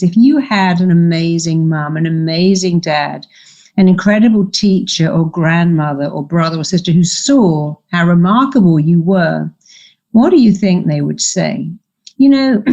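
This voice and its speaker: A woman's voice: fairly low pitch, dark tone, highs cut off. An older woman, a therapist, giving emphatic coaching advice in a podcast interview and acting out quoted voices. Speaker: therapist and guest speaker.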